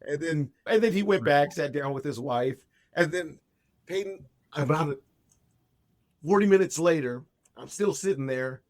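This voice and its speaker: A man's voice: on the high side, lively intonation, a little slow, no echo, studio quality. A man in his fifties, a podcast guest, telling a long personal story in a chatty, rambling way with frequent restarts. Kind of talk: casual storytelling.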